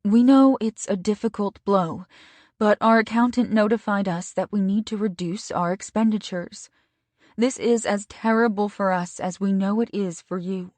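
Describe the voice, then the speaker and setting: A woman's voice: mid-range voice, steady tone, normal speed, a little mellow, no echo, close to an everyday voice. A woman voicing a regretful law firm boss who speaks formally and apologetically while firing an employee, in an audiobook. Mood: apologetic.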